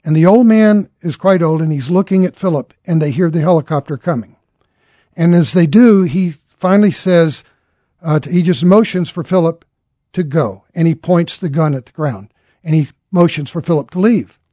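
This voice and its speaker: A man's voice: fairly high pitch, moderate pace, mellow, no room sound, studio quality. A man telling a dramatic story in an earnest way, acting out the characters' lines as he goes.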